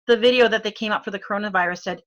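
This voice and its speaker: A woman's voice: medium pitch, racing, lo-fi sound. A middle-aged woman from Arizona with an Arizona accent, chatting as a guest, with lots of fillers and frequent laughs. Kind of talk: casual chat.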